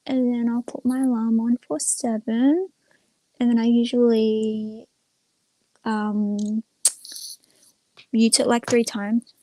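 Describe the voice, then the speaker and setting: A woman's voice: fairly high pitch, mellow, no echo. A young woman chatting casually on a livestream, rambling and retelling stories with lots of "I'm like.". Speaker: streamer.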